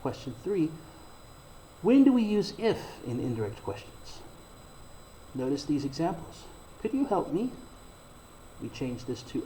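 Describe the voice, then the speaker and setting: A man with a mellow, warm voice teaching an English grammar lesson. He explains slowly and deliberately and reads out example sentences. A faint hiss sits under the recording. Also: a little high, big pitch swings, low-quality recording.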